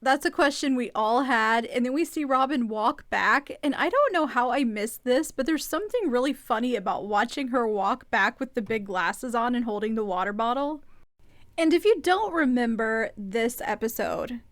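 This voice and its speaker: A woman's voice: a little high, animated, normal speed, no echo, studio quality. Chatty woman recapping a show. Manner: chatty, opinionated, amused. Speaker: podcast host recapping a reality show. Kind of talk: casual commentary.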